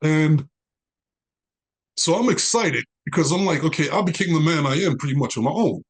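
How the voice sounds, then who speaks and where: A man, a guest in an interview, telling his life story with animated quoted dialogue. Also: on the high side, normal speed, breathy edge. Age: 40s.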